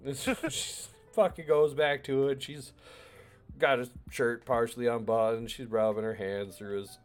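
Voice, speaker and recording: A man's voice: mid-range voice, little pitch movement, moderate pace, faint music behind. Loose, profane man telling a story. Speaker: storyteller among friends. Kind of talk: casual chat.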